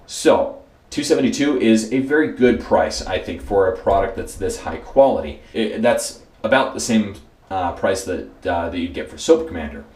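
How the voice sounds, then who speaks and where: A relaxed man talks through a product review in a low, unhurried voice. He leans on repeated words and loose fillers as he goes. The recording is roomy, with plenty of echo around him. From United States. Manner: easygoing, repeats words for emphasis, frequent fillers. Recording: roomy echoey room.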